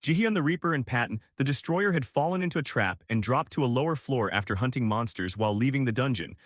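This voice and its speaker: A man reading a scripted story recap as narrator, in a steady storytelling delivery. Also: mid-range voice, quick pace, no room sound, clean studio sound.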